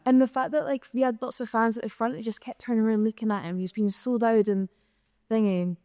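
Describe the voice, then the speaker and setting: A woman's voice: a little high, steady tone, quick pace, dark tone, no room sound. A young Scottish woman, a singer, telling stories candidly in a live panel conversation, acting out the exchanges she quotes. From Scotland. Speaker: singer and guest. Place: live podcast recording in an arts venue.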